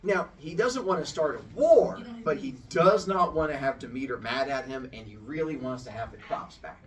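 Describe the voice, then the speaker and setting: Speaking at normal speed and recorded from a distance, a man casually tells an old myth as a comic story. As storyteller host, he playfully leaps into high, squeaky voices for the characters.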